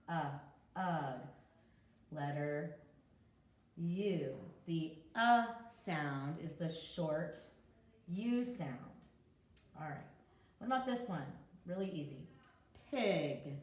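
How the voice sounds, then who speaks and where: Slow-spoken preschool teacher woman, echoey room. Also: fairly low pitch, expressive, far from the mic. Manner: slow, sounds out letters and vowel sounds. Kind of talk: remote lesson for young children.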